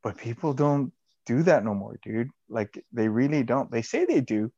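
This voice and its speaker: A man's voice: medium pitch, moderate pace, dark tone, no echo. Rambling man, dry, slightly dull sound. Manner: rambling, casual, heavy slang and swearing. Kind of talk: casual chat.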